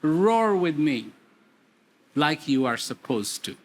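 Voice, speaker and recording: A big, wise lion, as a storyteller puts him on, speaks patiently and firmly in a lifted, lively voice. His tone stays reassuring and unhurried in a bright, storybook way. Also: a little high, exaggerated voice. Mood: calm.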